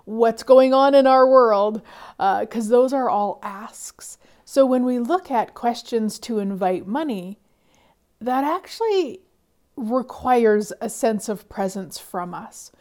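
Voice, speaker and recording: A middle-aged woman coaching listeners about money, soft-spoken, sighing often and dropping to whispers. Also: a little high, expressive, slow pace. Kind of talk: motivational talk.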